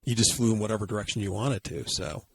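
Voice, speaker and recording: A man's voice: lowish voice, fast, creaky, slightly rough. A man co-hosting a podcast, telling a long story in casual chat with many fillers and restarts. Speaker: podcast co-host.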